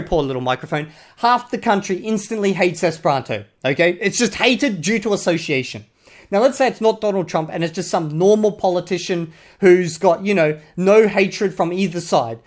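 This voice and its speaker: A young adult with an Australian accent giving casual, blunt commentary on online comments. The speaker swears freely and keeps tacking on a prodding "okay?". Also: medium pitch. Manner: blunt and profane, repeatedly drops a prodding "okay?". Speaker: YouTuber critiquing online comments.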